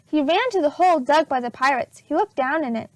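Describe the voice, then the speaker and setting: A woman teacher reading a chapter book aloud to preschool children, slow and expressive. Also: high voice, no echo.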